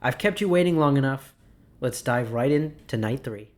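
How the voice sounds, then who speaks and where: A man's voice: medium pitch, lively intonation, normal speed, noisy background. A man playing a horror game blind, giving let's-play commentary as a jumpy, easily startled host who mutters the same phrase over and over. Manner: repeats the same phrase over and over under his breath. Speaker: gaming YouTuber.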